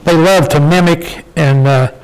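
An older man leads an informal Bible study with a folksy, homespun manner, often pausing to check in with his small group. His voice sits a little on the high side for a man. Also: clear, resonant tone, low-quality recording. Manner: folksy, asks the group "okay?" and "did we?".

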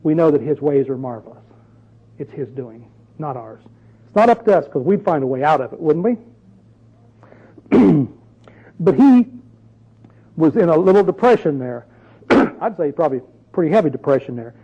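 A man's voice: a little high, big pitch swings, normal speed, long pauses, mellow, husky, highs cut off. A man preaching a sermon in a conversational, emphatic way, full of rhetorical questions.

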